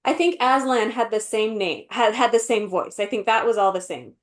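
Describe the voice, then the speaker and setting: A woman co-hosting a podcast in casual chat, animated and full of fillers, often acting out quotes. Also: fairly high pitch, normal speed. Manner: animated, acts out quotes in voices, many fillers. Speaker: podcast co-host.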